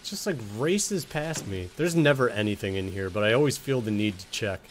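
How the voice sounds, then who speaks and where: A man's voice: lowish voice, expressive, moderate pace, a little hiss or hum. Young man casually narrating a game. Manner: joking, talks to the game characters, swears. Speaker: gaming streamer.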